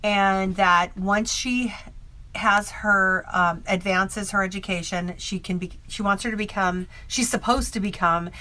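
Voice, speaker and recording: A woman with a bright, forceful voice tells a story about one of her psychic readings. She rambles and restarts her sentences often, filling the gaps with likes and ums. Her pitch sits in an ordinary middle range. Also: steady tone, a little slow. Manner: rambling, filler-heavy, with many restarts. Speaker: psychic medium. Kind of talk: casual storytelling.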